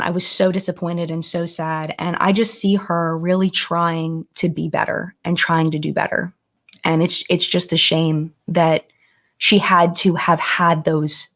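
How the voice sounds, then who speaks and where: A woman hosts a relaxed beauty live stream, chatting to her viewers and thanking them by name. Her voice sits a little low, and she turns earnest and thoughtful, often restarting her sentences as she works through a point. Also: vocal fry. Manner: chatty, reads out and thanks commenters; earnest and reflective, with many restarts. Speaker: beauty YouTuber hosting a live chat. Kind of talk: casual live-stream chat.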